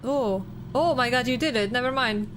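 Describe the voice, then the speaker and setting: A woman's voice: fairly high pitch, moderate pace, background noise. A woman hosting a stream, chatting casually and giggling as she coaches her partner through a co-op game. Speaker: streamer host. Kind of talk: casual co-op gaming chat.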